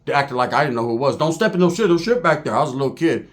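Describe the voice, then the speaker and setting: A man's voice: mid-range voice, lively intonation, rapid-fire. A man telling a crude prison story, swearing freely and acting out the other people's voices. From California. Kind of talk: profane storytelling monologue.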